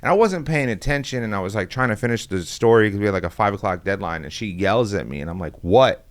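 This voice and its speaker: A man's voice: fairly low pitch, expressive, fast talker. A man from Texas, a podcast guest telling rambling, profane school stories in casual chat. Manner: rambling, profane storytelling with acted-out quotes. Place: podcast studio.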